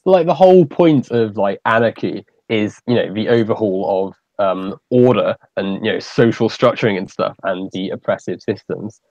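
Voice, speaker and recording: A man's voice: fairly low pitch, expressive, normal speed, vocal fry, few pauses, darkish tone, no echo. A British man hosting a casual group voice chat, rambling with many fillers and restarts. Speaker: stream host. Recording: dull, dry voice-chat audio.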